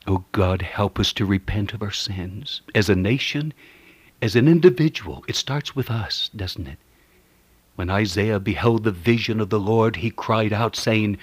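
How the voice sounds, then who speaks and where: A man preaching a radio sermon, swinging between fervent swells and hushed whispers as he quotes scripture. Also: on the low side, unhurried, slightly rough, no room sound.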